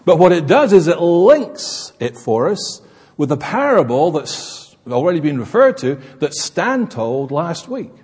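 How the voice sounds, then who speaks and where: A male preacher delivers an unhurried sermon, explaining scripture emphatically and with animation. His slightly high, breathy voice swings widely in pitch, and the long reverb of a large hall trails every phrase.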